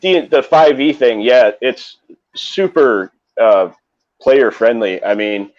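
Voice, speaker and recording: A man's voice: mid-range voice, slow pace, a little mellow, dull audio. A man guesting on a stream chat, answering hesitantly with many fillers. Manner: hesitant, lots of uh and um. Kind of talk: casual interview answers.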